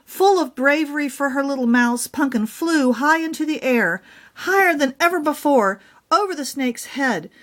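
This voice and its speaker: A woman reading her own children's picture book aloud in an expressive storytelling manner. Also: sits high, normal speed.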